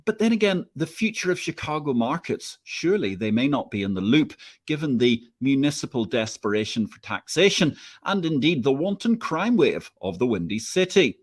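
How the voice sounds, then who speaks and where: A man's voice: mid-range voice, sing-song, moderate pace, hardly any pauses. A man hosting a livestream interview, opinionated, wry and wordy. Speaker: host.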